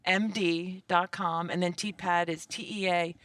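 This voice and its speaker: An older woman, a grandmother, speaking as a guest in a casual conference interview, lively and quick to laugh. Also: fairly low pitch, distant mic, slight background noise. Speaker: interview guest, cannabis advocate. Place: conference venue.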